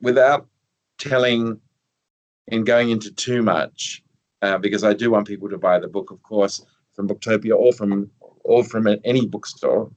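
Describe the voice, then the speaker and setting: Low-voiced male host on a dull, lo-fi line. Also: steady tone. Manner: halting, searching for words. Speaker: interview host. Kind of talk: conversational interview.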